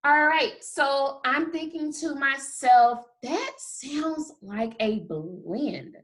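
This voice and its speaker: Kindergarten teacher, woman, slow encouraging delivery, higher voice that rises and falls a lot. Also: lively intonation. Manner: slow, drawn-out sounding of letters with frequent praise. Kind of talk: phonics lesson for young children.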